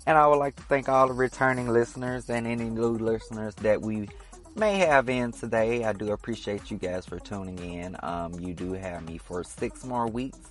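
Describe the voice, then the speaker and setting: A man's voice: lowish voice, normal speed, soft background music. A man hosting his own podcast in a casual, opinionated solo monologue, teasing that he will stir up controversy. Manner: chatty and opinionated, teasing about stirring controversy. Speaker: podcast host.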